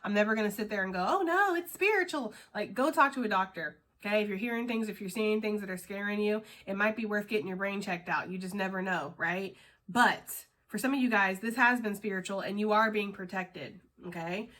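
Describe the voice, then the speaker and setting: A woman's voice: mid-range voice, brisk, a bit bright. A woman giving a casual tarot reading to her viewers, rambling and chatty with lots of fillers and casual swearing. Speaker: tarot reader.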